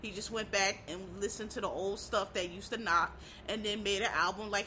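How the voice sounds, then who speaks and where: Casual vlogger with a Philadelphia accent, bright and rambling, loose and profane. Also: medium pitch, a little fast, slight background noise, rough recording. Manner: rambling, profane, addresses audience as y'all. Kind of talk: casual monologue to viewers.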